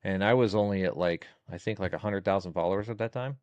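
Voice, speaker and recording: A man chatting as a podcast guest in a relaxed, talkative, earnest way. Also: deep voice, fast talker, no room sound, lo-fi sound. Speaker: guest, social media creator. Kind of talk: casual interview chat.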